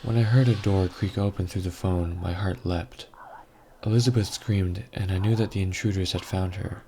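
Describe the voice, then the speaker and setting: A man reading a scripted horror story aloud in a measured, grave first-person telling. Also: sits low, fairly even intonation, mellow, a little hiss or hum. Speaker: story narrator.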